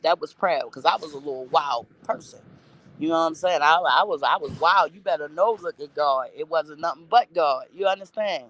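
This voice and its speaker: A woman's voice: sits low, fairly quick, fairly bright tone. Blunt, profane woman telling her story. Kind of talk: candid storytelling monologue.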